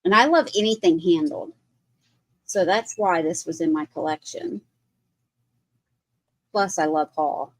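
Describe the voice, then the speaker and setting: A woman's voice: fairly low pitch, measured pace, long pauses, dry recording. A woman hosting a live online sale, describing a piece of pottery in chatty detail. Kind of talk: live sales presentation.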